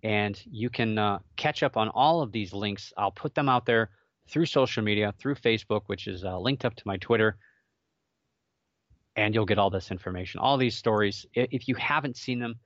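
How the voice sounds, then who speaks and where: A man's voice: fairly low pitch, moderate pace, a bit bright, no room sound, dull audio. A man hosting a casual solo show, chatty and rambling with jokey asides and many fillers. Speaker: podcast host.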